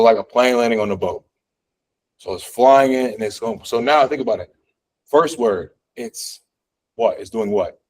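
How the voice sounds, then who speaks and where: A man with a low, darkish voice runs a college physics lecture, both in class and streamed online, chatting casually with plenty of fillers and putting questions to the students. The recording quality is low.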